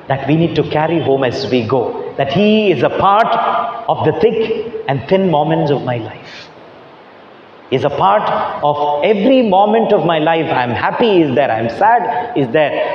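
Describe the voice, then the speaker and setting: A man's voice: on the high side, a little hiss or hum. A man, a Catholic priest, preaching a sermon emphatically and repeating his key lines for weight. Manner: emphatic preaching with heavy repetition. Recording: echoey church hall, dull lo-fi sound.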